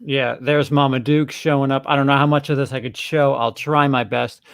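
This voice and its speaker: A man's voice: mid-range voice, level tone, moderate pace, creaky, a bit bright, clear, resonant tone, no room sound, studio quality. A man co-hosting a casual film chat, making sarcastic, joking asides. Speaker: co-host.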